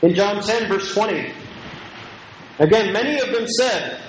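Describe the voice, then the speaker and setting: A man's voice: high voice, measured pace, long pauses, crowd noise. A man preaching an emphatic, repetitive Bible lecture and leading call-and-response with his listeners. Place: lecture hall. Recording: echoey room with faint noise.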